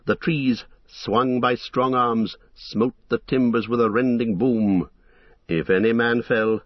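A man narrating an epic fantasy audiobook in a measured, dramatic storytelling manner. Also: mid-range voice, no room sound, dull audio.

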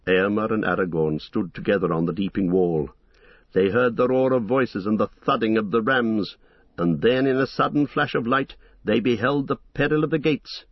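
A man narrating an epic fantasy audiobook in a measured, dramatic storytelling manner. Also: on the low side, dry recording, muffled recording.

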